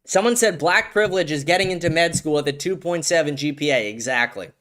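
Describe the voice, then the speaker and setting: A man's voice: a little high, fast talker, fairly bright tone. A man hosting a solo commentary show, ranting heatedly with lots of swearing and stumbling restarts. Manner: heated, profane, repeats words when starting sentences. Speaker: show host.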